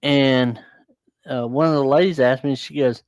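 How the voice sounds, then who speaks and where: A man's voice: mid-range voice, fairly even intonation, normal speed, darkish tone, no room sound, clean studio sound. Blunt rambling man telling a story. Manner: rambling, many fillers and restarts, blunt swearing. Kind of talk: casual storytelling chat.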